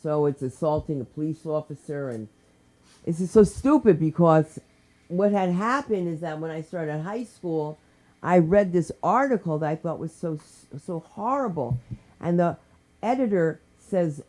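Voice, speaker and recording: A woman's voice: low voice, lively intonation, unhurried. Rambling New woman doing stand-up. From New Jersey. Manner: rambling, tangent-filled storytelling with swings in loudness. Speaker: stand-up comedian. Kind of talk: stand-up set at an open mic. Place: comedy club stage.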